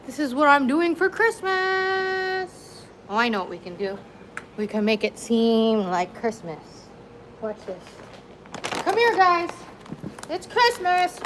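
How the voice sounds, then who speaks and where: Slow-talking woman cooing at her dogs. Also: a little high, fairly bright tone, a little hiss or hum, poor audio. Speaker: vlogger. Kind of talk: casual livestream chat. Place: home with dogs.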